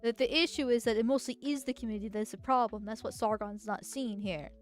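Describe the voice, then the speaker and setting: A woman streamer giving casual commentary on posts, thinking out loud and restarting her sentences often. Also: fairly high pitch, fast, faint music behind. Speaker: political streamer.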